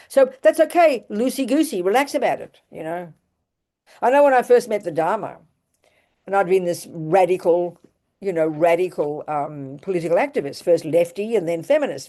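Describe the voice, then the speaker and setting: An older woman with an Australian accent, a Buddhist nun giving an animated, emphatic dharma talk, often restarting and repeating her phrases. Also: medium pitch.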